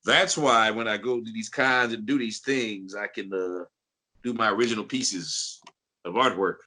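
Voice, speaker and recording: A man in his fifties from St. Louis speaks low, yet his voice has a strikingly bright, cutting edge. He tells stories loosely and with animation, slipping into impressions. His voice sits in a deep bass register. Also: normal speed, poor audio. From St. Louis, Missouri. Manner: animated storyteller who breaks into impressions and laughs. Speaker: guest voice actor. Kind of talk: casual interview storytelling.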